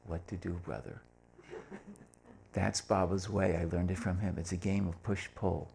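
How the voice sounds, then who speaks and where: Older male speaker with a low, gravelly voice; loose, rambling storyteller who acts out quoted voices. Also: level tone, moderate pace, pauses often, a little mellow. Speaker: speaker giving a talk. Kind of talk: informal talk with anecdotes.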